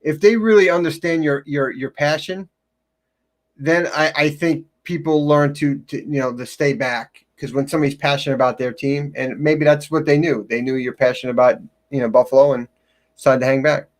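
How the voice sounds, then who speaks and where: Middle-aged male podcast co-host, slightly high pitch, halting storyteller. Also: steady tone. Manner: halting, many restarts, storytelling. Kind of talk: casual sports chat.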